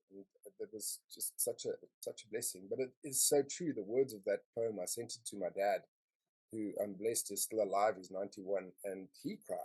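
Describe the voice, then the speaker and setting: A man's voice: lowish voice, fairly even intonation, moderate pace, dark tone, husky, low-quality recording. A middle-aged man candidly sharing his personal story on an online panel, emotional and earnest, often repeating phrases as he speaks over a video call.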